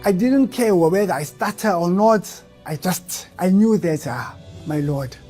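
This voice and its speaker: Speaking a little slowly in a high, animated, warm voice, a man recounts his church testimony against soft background music. A heavy stutter makes him repeat the starts of words, and his earnest, emotional delivery climbs into fervent outbursts.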